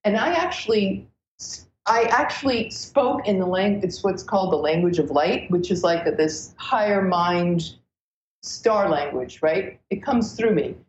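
Animated woman astrologer, roomy lo-fi sound. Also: medium pitch, unhurried, slight background noise. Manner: animated, breathless storytelling with many restarts. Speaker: astrologer guest. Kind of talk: casual podcast interview.

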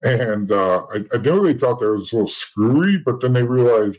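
A middle-aged man telling rough stories in a blunt, profane way, rambling with frequent restarts. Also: medium pitch, lively intonation, moderate pace, a little mellow, low-quality recording. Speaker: guest. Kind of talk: casual storytelling.

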